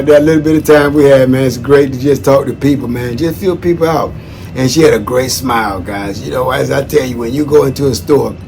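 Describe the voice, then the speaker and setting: A man giving friendly shout-outs in a chatty, folksy monologue that wanders off on tangents. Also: medium pitch. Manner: chatty, folksy, digressive, calls listeners "man". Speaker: former social worker. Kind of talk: casual rambling monologue.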